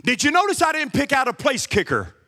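A man's voice: very high-pitched, huge pitch swings, brisk, sharp tone, in a large hall. A middle-aged man preaching a sermon, emphatic and repeating key words to the congregation. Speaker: guest pastor. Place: church sanctuary.

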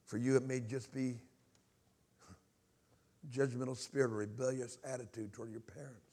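A middle-aged man from Alabama, preaching a personal testimony and swinging between hushed retelling and loud, impassioned outbursts. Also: mid-range voice, little pitch movement, normal speed. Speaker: evangelist. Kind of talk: testimony sermon.

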